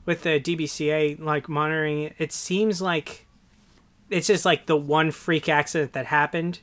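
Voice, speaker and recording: Casual co-host, male, high register, rambling delivery. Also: fairly even intonation, moderate pace, a bit bright. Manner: rambling, filler-heavy, restarts. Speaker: podcast co-host. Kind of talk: casual chat.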